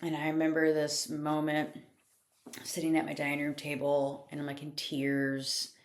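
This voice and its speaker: A woman's voice: low-pitched, completely flat delivery, normal speed. A woman hosting a podcast, telling her personal story in a candid, casual way, laughing often and swearing lightly. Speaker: podcast host. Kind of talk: reflective personal storytelling monologue.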